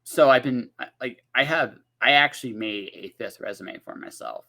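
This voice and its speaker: A man's voice: medium pitch, moderate pace, vocal fry, sharp tone. A man hosting a casual interview podcast, talking in loose rambling runs with many restarts and "right?" tags. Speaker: podcast host.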